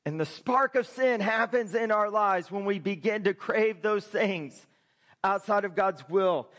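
A man preaching a sermon as pastor, building to shouted emphasis. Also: sits high, measured pace.

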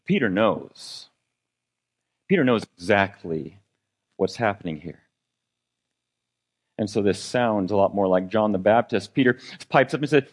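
A man's voice: expressive, a little slow, long pauses. Man preaching a conversational sermon. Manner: conversational preaching with congregation questions; fillers and restarts, dynamic pitch and volume. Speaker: pastor.

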